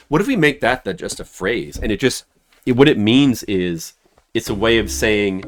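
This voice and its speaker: A man's voice: mid-range voice, very animated, moderate pace, soft background music. A man streaming a video game who rambles in a goofy, joking way and talks to his chat. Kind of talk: casual game-stream chatter.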